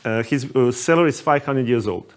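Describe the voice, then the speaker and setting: A man speaking at an ordinary, middle pitch as a panelist. He runs a tour company and tells a lively anecdote, full of fillers and small restarts. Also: fairly quick. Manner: animated anecdote telling with fillers. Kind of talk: panel discussion storytelling.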